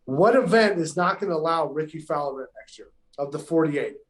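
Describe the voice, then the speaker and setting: A man's voice: a little high, animated, a little fast. A man, a professional golfer, telling stories in casual podcast chat, emphatic and heavily profane. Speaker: pro golfer guest. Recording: echoey room.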